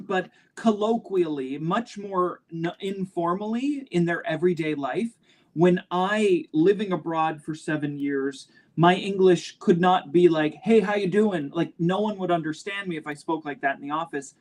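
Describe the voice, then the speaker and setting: A man talks on a panel discussion. His delivery is clear, crisp and measured, each word set down carefully. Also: high-pitched.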